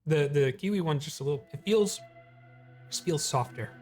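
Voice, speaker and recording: A man's voice: on the high side, moderate pace, a little mellow, soft background music. Joking male game master. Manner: playful, joking, laughs a lot. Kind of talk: narrating a tabletop game.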